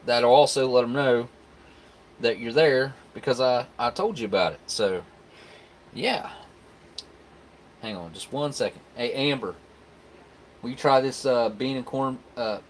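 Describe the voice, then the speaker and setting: A man's voice: mid-range voice, unhurried, pauses often, slight background noise. A man, hosting a casual live stream where he tastes food and chats with viewers in a laid-back, rambling way. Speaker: live stream host reviewing military rations.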